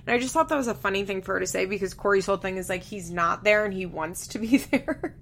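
A young woman talks through a TV episode in a loose, chatty way, full of opinions and little laughs. Her voice sits at an everyday middle pitch. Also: quick pace, gravelly, a bit bright, a little hiss or hum. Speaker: podcast host recapping a reality show. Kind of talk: casual recap chat.

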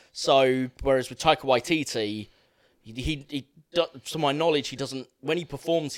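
A young man co-hosting a film podcast, talking in a rambling, halting way with many fillers. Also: mid-range voice, dry recording, studio quality. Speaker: podcast co-host. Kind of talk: casual film chat.

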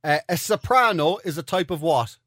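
A man hosting a casual podcast, quizzing his co-host on phrases and famous pairs, teasing him and laughing loudly. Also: animated, moderate pace. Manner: teasing, bursts into high laughter.

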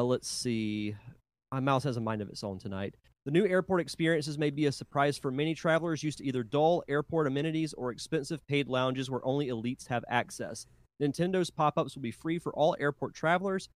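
A man hosting a podcast, reading a news story aloud at a measured pace. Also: medium pitch, dry recording. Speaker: podcast host. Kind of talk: casual chat and reading news.

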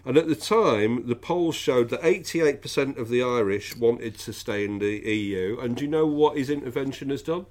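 Guy hosting a podcast, jokey and rambly, mid pitch, lots of restarts. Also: moderate pace, few pauses, a little mellow. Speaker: podcast host. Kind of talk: casual political chat.

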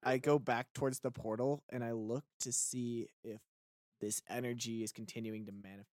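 A man's voice: mid-range voice, level tone, moderate pace, darkish tone, no echo. A man playing a tabletop game, describing his character's actions in a matter-of-fact way. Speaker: player. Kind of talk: casual play chat.

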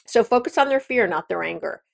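A woman's voice: on the high side, expressive, brisk, vocal fry. A woman hosting an advice podcast, talking frankly and directly in a casual monologue with frequent restarts. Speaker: podcast host.

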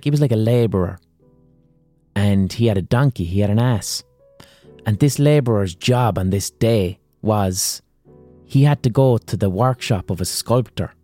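A man's voice: on the low side, warm tone. An Irish man hosting a podcast, telling old stories in a chatty monologue full of "like" and swearing. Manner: chatty, profane, frequent "like". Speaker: podcast host. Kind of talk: casual storytelling monologue.

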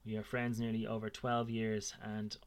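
A man's voice: fairly low pitch, monotone, moderate pace, clean tone. Rambling Irish podcast host, a man. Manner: rambling, many restarts and fillers. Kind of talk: casual podcast chat. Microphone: video call.

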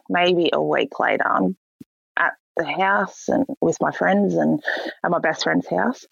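A young woman tells her story in a gravelly, husky voice, jumping into quoted lines with lively energy. The recording is dry and a bit dull. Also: fairly low pitch, no room sound. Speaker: guest. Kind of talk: casual storytelling.

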